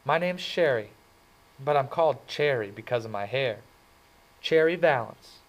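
A man reading aloud and voicing a cool, sharp-tongued teenage girl in a raised voice. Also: mid-range voice, lively intonation, measured pace, voice pushed up, poor audio. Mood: softening. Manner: biting, dismissive.

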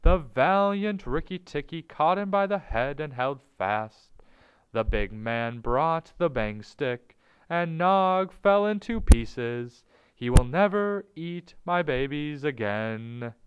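A man voicing a high sing-song tailorbird. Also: animated, takes it slowly, smooth, highs cut off. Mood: jubilant. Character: excitable singing male tailorbird.

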